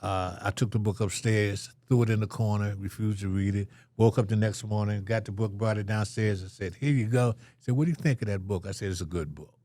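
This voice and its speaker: A man's voice: fairly low pitch, a little fast, few pauses, warm tone, no room sound. An older man telling a story as an interview guest, acting out the voices of the people in it.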